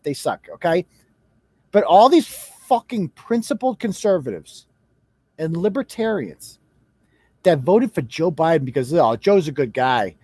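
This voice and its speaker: A man's voice: very high voice, dry recording. A man hosting a live show, ranting with heavy profanity and sarcasm. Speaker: host.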